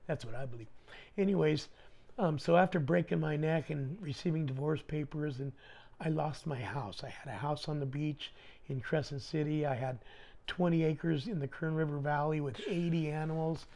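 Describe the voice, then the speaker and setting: A middle-aged man, a podcast guest, telling his life story in casual talk, slangy and animated, acting out the dialogue. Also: on the high side, normal speed, vocal fry.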